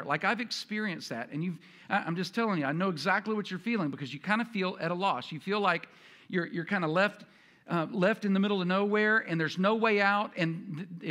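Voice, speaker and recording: A man's voice: high voice, bright, forceful tone. A male pastor preaching a sermon in a conversational way, acting out prayers in quoted voices.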